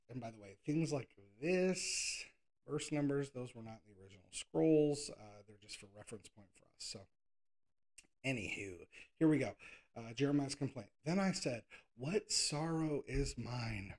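A man's voice: mid-range voice, expressive, normal speed, a little mellow. A man preaching a casual sermon, reading scripture and talking conversationally, sometimes doing playful whiny voices. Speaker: pastor.

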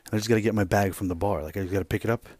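A man hosting a podcast, telling a rambling, profane workplace story in a casual, animated way. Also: fairly low pitch, rapid-fire, no echo. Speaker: podcast host.

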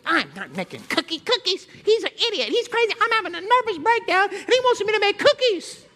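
A man voicing a frazzled, indignant woman in crisis, squealing in shrill outrage. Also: a little fast, in a large hall.

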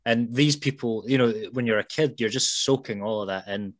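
A man's voice: mid-range voice, fairly quick, no room sound. A man guesting on a podcast, talking through a film in a thoughtful, casual way and leaning on "you know".

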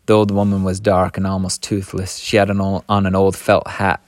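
A man reading a short story aloud in a steady way, with small slips and restarts. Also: low-pitched, brisk, no room sound.

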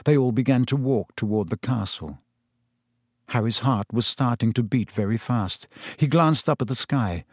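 A man reading a fantasy novel aloud in steady, measured storytelling narration. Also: medium pitch, husky, dry recording, clean studio sound. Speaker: audiobook narrator. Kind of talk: scripted narration.

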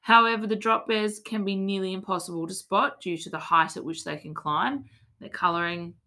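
A woman's voice: mid-range voice, moderate pace, bright, forceful tone. An Australian woman hosting a casual podcast, telling a tall tale in a mock-serious, playful way. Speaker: podcast host.

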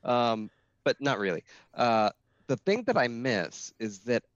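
A man's voice: medium pitch, sing-song, a little slow, no room sound. A man guesting on a podcast in casual chat, rambling with restarts and casual swearing. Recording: dull lo-fi audio.

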